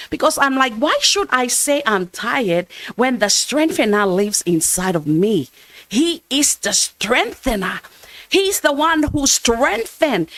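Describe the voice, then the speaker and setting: A woman's voice: high voice, fairly bright tone, no echo. A woman preaching a sermon at a church service, earnest and emphatic, often restarting her phrases. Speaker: church minister.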